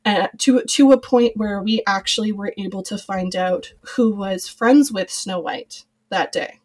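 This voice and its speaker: An animated woman in her thirties tells a personal story as a podcast guest. She talks in a casual, lively way, slipping into quoted voices as she goes. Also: mid-range voice, a little slow, low-quality recording. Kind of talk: casual chat.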